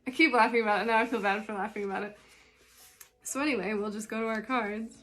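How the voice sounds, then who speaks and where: A woman's voice: medium pitch, fairly even intonation, quick pace, fairly bright tone, faint music behind. A young adult woman, a spiritual life coach, chatting casually with dry, sarcastic humor while reading tarot cards.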